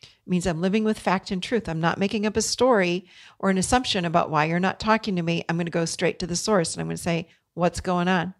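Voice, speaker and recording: Woman podcast host, middle-aged, low-pitched and gravelly, earnest coaching delivery. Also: fast. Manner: earnest, coaching tone, speaks directly to listeners. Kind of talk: solo podcast talk.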